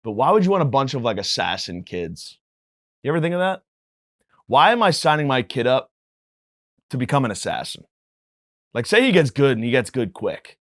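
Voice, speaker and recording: A man's voice: mid-range voice, sing-song, normal speed, long pauses, a bit bright, dry recording, studio quality. A man hosting a podcast, delivering a profane, rambling comedic monologue with mock indignation. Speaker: podcast host.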